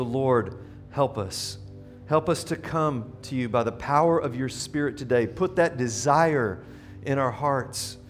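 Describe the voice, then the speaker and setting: A middle-aged man preaching a sermon in a church, earnest and conversational, often restarting his sentences as he speaks to the congregation. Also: mid-range voice. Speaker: pastor. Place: church sanctuary.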